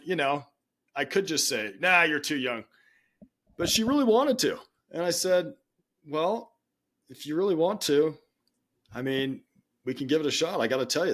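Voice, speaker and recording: A middle-aged man, a podcast guest, telling stories in an animated way and acting out the voices he quotes. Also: mid-range voice. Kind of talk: storytelling in interview.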